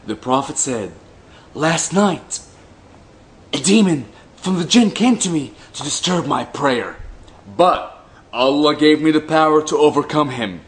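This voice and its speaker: A man reading religious texts aloud in a slow, deliberate way, breaking off for mocking, dry asides. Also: a little high, animated. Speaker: commentator reading hadith aloud.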